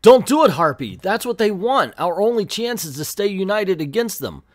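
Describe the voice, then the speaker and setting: A man's voice: fairly low pitch, normal speed, natural voice. A man playing a commanding alien woman leader. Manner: urgent, commanding. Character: commanding female alien leader under siege.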